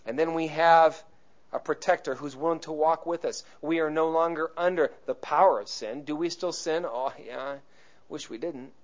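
Lively preaching man, muffled recording. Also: fairly high pitch, moderate pace. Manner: conversational preaching, swells in emphasis. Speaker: pastor. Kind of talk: sermon.

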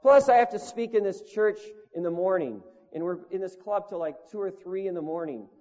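High-voiced, self-mocking preacher man. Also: a little fast, warm tone. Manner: conversational, self-mocking, lots of "you know" and "like". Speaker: preacher and touring band leader. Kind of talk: storytelling sermon. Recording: lo-fi recording in a long-echo hall.

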